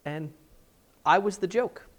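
A man preaching a sermon, telling stories with lively acted-out dialogue. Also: sits high, takes it slowly. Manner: animated storytelling, acting out scenes in different voices. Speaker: pastor.

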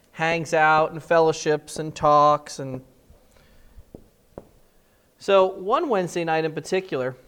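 Animated preacher telling a story. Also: male voice, fairly high pitch, smooth. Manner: animated storytelling, acting out scenes in different voices. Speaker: pastor. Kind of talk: sermon.

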